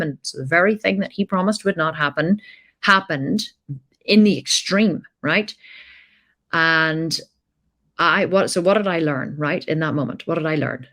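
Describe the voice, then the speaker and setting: A woman's voice: sits low, expressive, moderate pace. A woman hosting a podcast, telling a personal story in a blunt, emphatic way and swearing freely. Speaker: podcast host.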